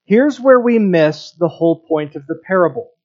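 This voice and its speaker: A man's voice: sits high, expressive, moderate pace, darkish tone, muffled recording. A man preaching a sermon, earnest, often repeating words and restarting his phrases. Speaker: pastor.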